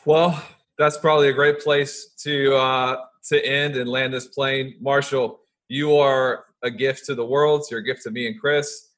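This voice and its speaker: A man hosting a casual podcast interview. He speaks in an easy, conversational way, dropping short interjections and warmly closing out the chat. His voice sits in an ordinary middle pitch. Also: flat delivery, a little slow. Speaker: podcast host.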